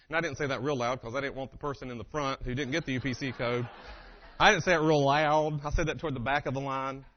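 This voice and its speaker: A man giving a humorous motivational keynote, telling stories with animated delivery and acting out quotes, on a dull lo-fi recording. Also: on the high side, fast. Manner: animated, acts out quotes and impressions.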